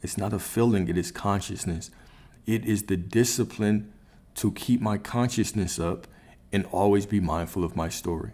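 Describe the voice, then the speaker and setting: A man's voice: fairly low pitch, normal speed, warm tone. A man giving a motivational spiritual coaching talk on a livestream, emphatic and repetitive, often checking in with "right?".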